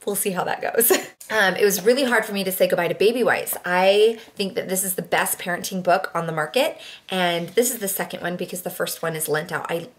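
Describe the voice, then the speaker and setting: A woman's voice: fairly low pitch, fairly quick. A young woman chatting casually to camera, rambling with lots of fillers and restarts. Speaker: vlogger.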